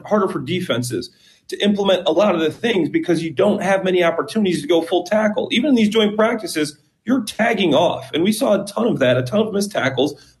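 A man, a former player, giving casual sports-betting analysis with lively storytelling. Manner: animated storytelling, pitch jumps when emphasizing.

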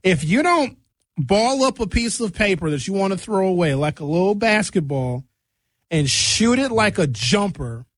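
A young male comedian telling a stand-up story with lots of animation, acting out the voices of the people in it. His voice is a little husky and sits fairly high for a man. The sound is dry and close, with almost no room echo. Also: moderate pace. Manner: animated, acts out quotes, shifts pitch for punchlines.

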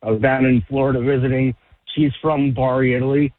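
A man's voice: mid-range voice, little pitch movement, a little fast. A man calling in to a radio show, telling a rambling story with many fillers and restarts. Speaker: caller. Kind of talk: phone call into radio show. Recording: tinny phone line.

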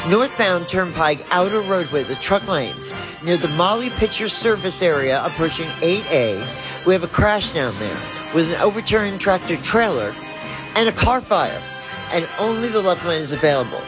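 A woman giving a radio traffic report, briskly rattling off road conditions from a traffic center studio. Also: fairly low pitch, animated, music in the background.

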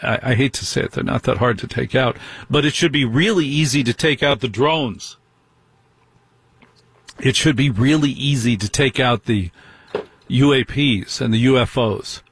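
This middle-aged male host gives an indignant talk radio monologue at a moderate pace, peppering listeners with rhetorical questions. He has a husky voice of ordinary pitch, and the sound is dry and close, without any room around it.

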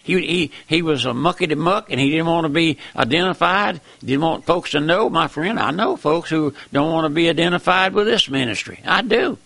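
A high-pitched preacher with a gravelly edge and a bright, tense tone. He talks in a folksy, plain-spoken way, keeps repeating "my friend," and climbs to emphatic high peaks as he preaches. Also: moderate pace, few pauses. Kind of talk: sermon.

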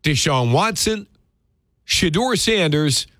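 Lively, pitchy radio talk host man. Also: takes it slowly, no room sound, studio quality. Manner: folksy, pitchy, emphatic. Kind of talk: live-read ads and sports radio chat.

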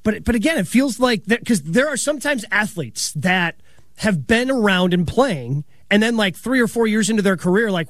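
Man, sports radio host, high voice, very lively delivery, dry studio sound. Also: no echo. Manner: animated, laughing often, quick asides. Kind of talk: casual sports radio chat.

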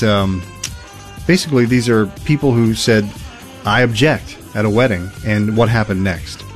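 A man hosting a casual chat, reading listener stories aloud in an easygoing way, with chuckles and fillers. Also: mid-range voice. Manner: relaxed storytelling with fillers and chuckles.

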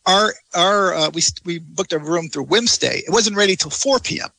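A man's voice: high voice, normal speed, gravelly, bright, forceful tone. A man chatting in an interview about travel, rambling and enthusiastic with lots of restarts. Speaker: travel blogger guest. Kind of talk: casual interview chat.

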